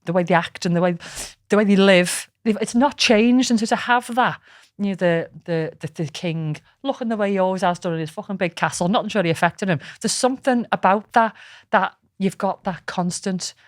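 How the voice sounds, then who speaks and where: A woman's voice: mid-range voice, brisk, few pauses, dry recording. Chatty woman, dry sound. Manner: chatty and rambling, swears freely. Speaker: podcast co-host. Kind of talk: casual chat.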